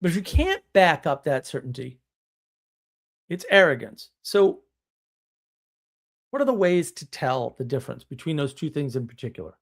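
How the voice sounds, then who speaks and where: A man's voice: on the high side, big pitch swings, moderate pace, gravelly, pauses often. A man hosting a live stream, talking bluntly and emphatically, now and then mimicking other people as he tells stories. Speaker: host.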